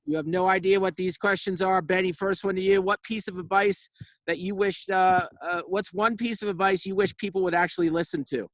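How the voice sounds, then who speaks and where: A radio host with a high-pitched voice runs a loose, chatty conversation. He fires off quick questions. His voice sounds dry and close. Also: fairly even intonation, a bit bright, no echo. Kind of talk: casual chat. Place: backyard, outdoors.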